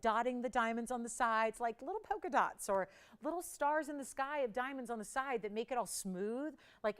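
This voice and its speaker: Shopping channel host, woman, fairly high and smooth voice, upbeat persuasive price countdown. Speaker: jewelry shopping show host. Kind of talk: live TV shopping sales pitch.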